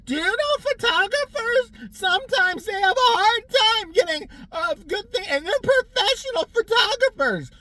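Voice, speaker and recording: A vlogger doing a high, drawn-out, gushing chatterbox lady with a lively voice. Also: no room sound, heavily acted. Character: chatty gushing woman customer at salon.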